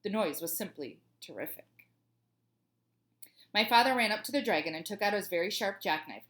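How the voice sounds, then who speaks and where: A woman's voice: mid-range voice, expressive, quick pace, fairly bright tone. Cheerful woman teacher reading a children's book aloud, chatty asides.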